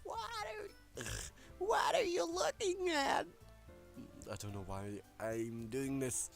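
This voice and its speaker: A man voicing a small, moody schoolgirl with a sour temper in a harsh, snappy falsetto. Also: takes it slowly, vocal fry, soft background music, full character voice. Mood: snappish.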